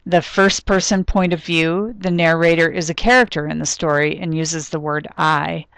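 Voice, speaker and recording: Woman lecturer, low voice, dry sound, explanatory with ums and restarts. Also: fairly even intonation, moderate pace, gravelly, a bit bright, no room sound. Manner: explanatory, thinks aloud with frequent ums and restarts. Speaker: literature lecturer. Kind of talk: recorded classroom lecture.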